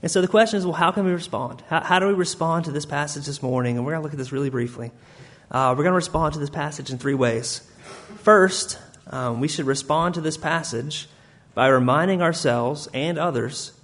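A fairly high-voiced man preaching a sermon. He talks in an earnest, conversational way, peppered with uh and um, and slows down to read scripture. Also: a bit bright. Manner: earnest, uses many fillers like uh and um, reads scripture slowly. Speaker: pastor.

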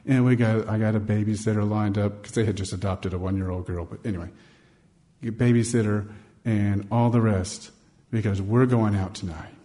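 A man preaching a sermon with a mellow, somewhat low voice. He tells stories in a conversational way, slipping into bits of dialogue, then turns emphatic and animated as he drives his point home. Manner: storytelling, conversational, acts out dialogue.

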